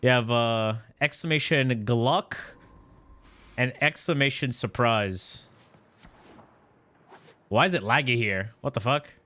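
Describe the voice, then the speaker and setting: A man's voice: medium pitch, takes it slowly, pauses often, bright, forceful tone. A young man live-streaming a video game from a home setup, joking with chat, rambling, swearing freely and stumbling over words.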